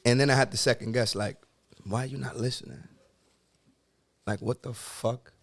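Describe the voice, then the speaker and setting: A young man hosts a podcast in a mid-pitched voice and talks with raw intensity. His speech is profane and emotional, and he circles back to repeat his points. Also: fairly even intonation, normal speed, gravelly. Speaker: podcast host. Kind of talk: emotional casual talk.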